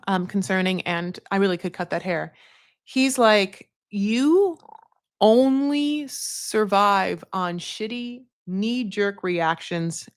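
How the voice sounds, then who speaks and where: A woman's voice: mid-range voice, no echo, clean studio sound. A woman hosting a casual reality TV recap, chatty and sassy, swearing freely and calling people honey. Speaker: TV recap host.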